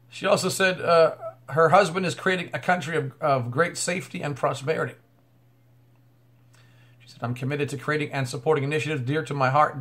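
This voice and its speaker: A man's voice: fairly high pitch, moderate pace, a bit bright. A man talking straight to camera in a religious commentary vlog, breaking into exclamations and repeating words as he goes. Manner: exclamatory, bursts of "oh" and "wow". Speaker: YouTube commentator.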